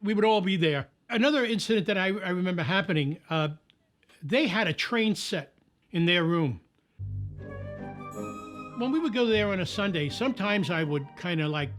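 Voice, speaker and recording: High-voiced old New storyteller. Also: male voice. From New York. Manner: animated anecdotal storytelling. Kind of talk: documentary interview.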